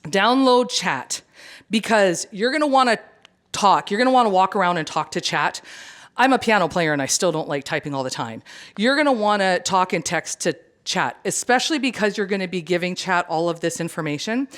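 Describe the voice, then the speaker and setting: Woman presenter, slightly low voice, chatty, animated, joking. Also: brisk. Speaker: conference presenter. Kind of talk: lively seminar talk.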